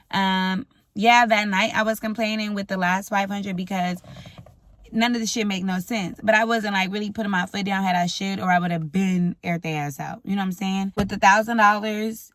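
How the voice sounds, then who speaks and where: A woman's voice: fairly low pitch, no echo, clean studio sound. A young woman telling a storytime vlog, blunt and profane, venting frankly. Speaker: vlogger. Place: indoors at home, ring light.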